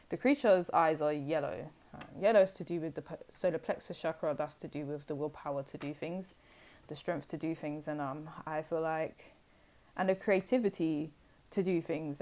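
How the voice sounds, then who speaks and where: Animated young woman. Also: on the low side. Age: young adult. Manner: animated, acts out what others say in quick asides. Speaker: tarot reader. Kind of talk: casual tarot reading to camera.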